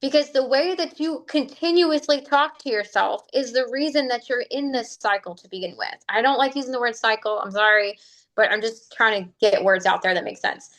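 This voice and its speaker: Chatty woman, fairly high voice. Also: normal speed, a bit bright. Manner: chatty, fills speech with "like" and "right?"; acts out inner voices while explaining. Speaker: fitness coach. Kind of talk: casual livestream talk.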